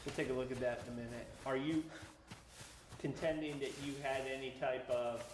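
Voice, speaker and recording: A man's voice: medium pitch, fairly even intonation, a little fast. A man questioning a witness in a deposition, methodical and businesslike. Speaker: examining attorney. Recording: echoey room, clear background noise.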